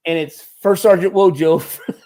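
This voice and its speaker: A man with a slightly raised pitch, talking as an interview guest. He tells loose, rambling stories with many fillers. He breaks into lively impressions of the people in them. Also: takes it slowly, a little hiss or hum. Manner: rambling, lively, acts out quoted voices. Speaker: guest, former Marine turned stuntman and military advisor. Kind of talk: casual storytelling in an interview.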